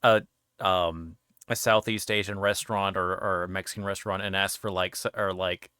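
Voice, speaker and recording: A man's voice: sits low, fairly even intonation, moderate pace, sharp tone, clean tone, no room sound, studio quality. A male guest in a casual chat, rambling with frequent restarts and fillers.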